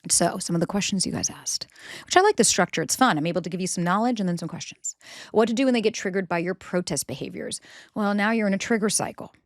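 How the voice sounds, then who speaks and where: A woman hosting a podcast, talking through relationship advice in a casual, animated way and acting out quoted voices. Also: mid-range voice, fast talker, no room sound, clean studio sound. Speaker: podcast host.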